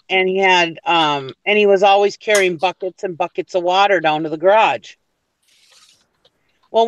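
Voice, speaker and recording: High-voiced rambling male storyteller. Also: a bit bright, dull audio, a little hiss or hum. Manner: rambling, with many restarts and fillers. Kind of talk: casual chat, storytelling.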